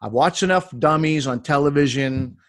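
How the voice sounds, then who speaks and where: A man in his forties from Canada, a comedian guest telling stories in a casual, animated way and acting out the voices. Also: on the high side, moderate pace, no room sound, studio quality. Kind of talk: casual storytelling.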